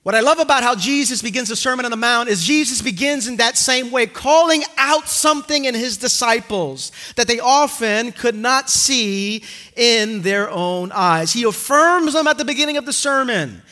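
A man with a very high, bright voice delivers a sermon from a church. He preaches earnestly and with emphasis, drawing out important words slowly for weight. It sounds like a pastor addressing his congregation. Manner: earnest, emphatic, stretches key phrases slowly. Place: church sanctuary.

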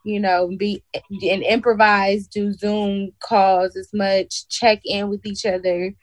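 A woman on a video call, talking in a slow, encouraging, faith-minded way in a casual chat. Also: mid-range voice, flat delivery, no echo, rough recording.

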